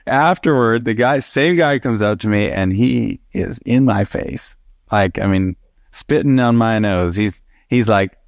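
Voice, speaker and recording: A man teaching a Bible study, telling a personal story with lively acted-out dialogue and frequent laughter. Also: medium pitch, measured pace, dry recording, studio quality. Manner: animated storyteller who acts out dialogue and laughs.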